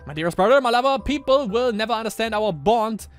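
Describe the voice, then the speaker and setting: A man putting on a higher voice to play a clingy, possessive young Roman noblewoman, pleading and theatrical. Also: animated, fast, soft background music.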